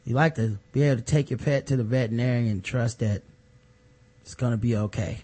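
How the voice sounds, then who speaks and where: A man co-hosting a podcast, reading news stories aloud with sarcastic, deadpan jokes. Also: mid-range voice, brisk. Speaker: podcast co-host. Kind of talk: casual comedic news commentary.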